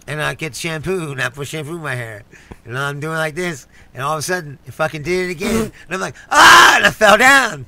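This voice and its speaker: A man's voice: on the high side, fast talker, sharp tone. A man telling a rambling story on a casual comedy podcast, often laughing and swearing as he goes. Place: studio.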